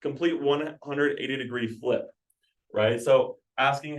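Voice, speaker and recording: A man's voice: medium pitch, steady tone, a little slow. A young man training his sales team at a meeting, talking casually and energetically and repeating key phrases, heard from a distance in a room.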